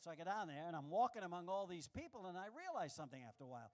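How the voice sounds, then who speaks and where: Stand-up comic, male, high-pitched voice, lively delivery with sudden jumps into character voices. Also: very fast, few pauses. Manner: animated, acts out quoted voices with big pitch jumps. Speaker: stand-up comedian. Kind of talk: stand-up comedy set.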